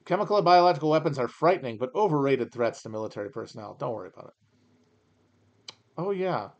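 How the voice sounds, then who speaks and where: A man's voice: mid-range voice, animated, fast, creaky, muffled recording. A man hosting a podcast, riffing in a sarcastic, profane, rambling way while he reads aloud and comments. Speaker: podcast host. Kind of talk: casual comedic commentary.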